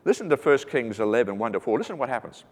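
A man's voice: medium pitch, very animated, very fast. A man preaching a sermon, earnest and teaching, with joking asides that lighten the message. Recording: reverberant hall.

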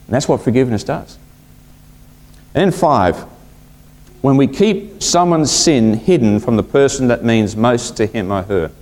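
A man preaching a sermon as pastor, expressive, swinging his voice up when acting out quotes and sinking to a hush. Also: mid-range voice, measured pace, pauses often.

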